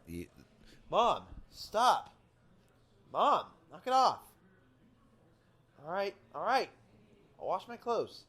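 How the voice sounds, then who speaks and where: A man hosting an improvised comedy podcast, hesitant and halting, with many fillers. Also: low-pitched, no room sound. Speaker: podcast host.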